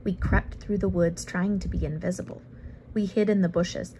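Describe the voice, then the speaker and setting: A woman reading a picture book aloud for the first time, adding relaxed, casual asides. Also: lowish voice, normal speed, slight background noise. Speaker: storybook reader.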